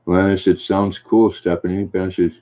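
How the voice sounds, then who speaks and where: An older man with a deep, flat voice chats gently with viewers in a folksy way. His voice comes through dull, lo-fi stream audio. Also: normal speed. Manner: gentle, folksy, reads viewer comments aloud and answers them. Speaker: livestream host reading chat. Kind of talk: casual chat.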